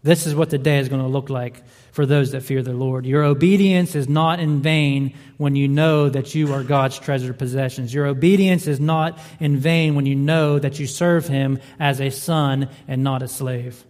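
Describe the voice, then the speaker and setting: A man's voice: mid-range voice, fairly even intonation, moderate pace, darkish tone. A male pastor delivering a sermon, building emphasis with repeated rhetorical questions. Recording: reverberant hall.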